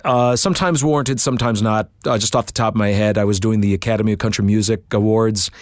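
A middle-aged man with a low voice recounts his voiceover career in a relaxed interview. His delivery is animated and anecdotal, slipping into quick character voices. The sound is dry and close. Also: no room sound. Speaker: voiceover artist. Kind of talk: storytelling interview.

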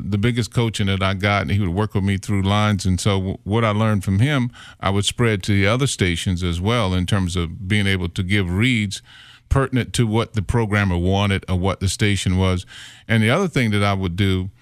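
Low-voiced man telling radio stories. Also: no echo, studio quality. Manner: animated storyteller who acts out quoted voices. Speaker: radio imaging voiceover artist. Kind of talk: casual interview storytelling.

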